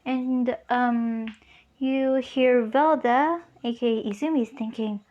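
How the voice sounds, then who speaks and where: Hesitant high-voiced young woman storyteller. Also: fairly even intonation, slow pace, darkish tone. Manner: hesitant, many fillers. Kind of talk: improvised fan story narration.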